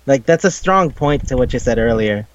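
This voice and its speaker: A young man co-hosting a casual game chat, animated and swearing, often acting out game dialogue. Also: mid-range voice, moderate pace. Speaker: podcast co-host. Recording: dry, muffled lo-fi mic.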